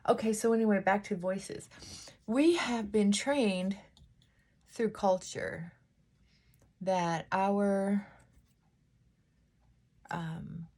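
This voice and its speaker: Slow, reflective woman vlogger. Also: medium pitch, a little mellow. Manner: unhurried, reflective, thinking aloud; casual with frequent fillers. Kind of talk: casual chat while getting ready.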